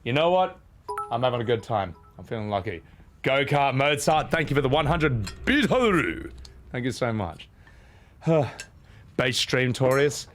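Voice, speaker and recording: A man in his thirties, out of breath, chatting casually on his stream and shouting out thanks to his viewers. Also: medium pitch, sing-song, a little slow, slight background noise. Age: 30s. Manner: breathless, thanking chat with loud shout-outs.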